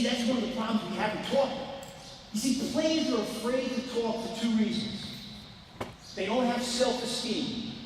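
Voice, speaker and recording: An older man coaches a clinic crowd with a strikingly high voice, animated and emphatic, rising into shouts. His voice rings through a large, echoing gym hall. A faint ambience hums behind him. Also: slight background noise. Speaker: basketball coach. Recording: echoey hall, distant mic, faint ambience.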